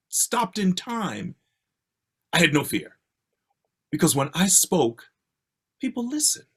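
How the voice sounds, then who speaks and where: Older guy telling a story on a video call, kinda husky, voice leaps up and down a lot. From Baltimore. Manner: expressive, theatrical delivery with swings in pitch and pace. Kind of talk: personal storytelling.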